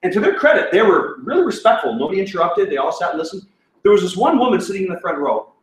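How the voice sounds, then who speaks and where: A man's voice: sits high, sing-song, fast talker. A man giving a sermon as guest speaker, telling stories with self-deprecating humor and laughing at himself. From Canada. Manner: self-deprecating, laughs at his own story. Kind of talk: sermon storytelling. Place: church auditorium. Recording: echoey hall, distant mic.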